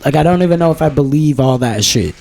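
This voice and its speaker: A man's voice: fairly high pitch, expressive, quick pace, vocal fry, darkish tone. A man, co-hosting a podcast in casual chat and telling profane stories. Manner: profane, storytelling. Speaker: podcast co-host.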